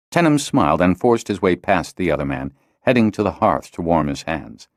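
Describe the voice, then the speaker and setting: A man narrates a fantasy audiobook with expressive storytelling. His voice is very low yet swings lively in pitch, and the recording is dry and close. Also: moderate pace, dry recording. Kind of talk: scripted narration.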